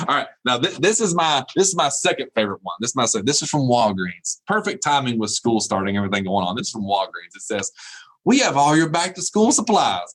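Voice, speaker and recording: Animated man giving a keynote. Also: medium pitch, a little fast, rough recording. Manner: laughs often at his own jokes, repeats phrases for emphasis. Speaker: keynote speaker. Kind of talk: humorous keynote speech.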